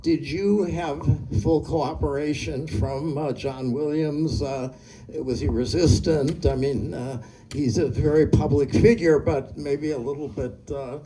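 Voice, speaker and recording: A man's voice: a little high, fairly even intonation, measured pace, hardly any pauses, warm tone, slight background noise, rough recording. A man moderating a live Q&A in a cinema, asking long, agreeable questions. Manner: agreeable, asks rambling questions. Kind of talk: on-stage Q&A.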